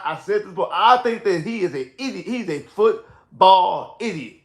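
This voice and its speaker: A man's voice: sits high, animated, moderate pace, reverberant. A man hosting a casual postgame sports livestream, talking in an emphatic, repetitive way that grows heated and exasperated. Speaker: sports talk livestream host. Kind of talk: casual postgame football rant. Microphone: headphones and home streaming setup.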